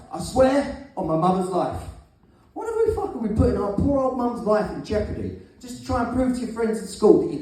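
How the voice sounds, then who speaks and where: A brash man with a high voice works through a stand-up set, punchy and quick to mimic. He stands far from the mic, and a strongly echoing club swallows part of his voice. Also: warm tone. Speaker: stand-up comedian. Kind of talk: stand-up routine. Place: comedy club.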